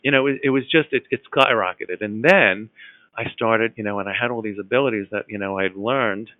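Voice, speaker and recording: A man's voice: lowish voice, brisk, no echo. A man telling a personal story in a casual, earnest way, with many fillers and restarts and growing enthusiasm. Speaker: guest telling his story. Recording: tinny phone-like line.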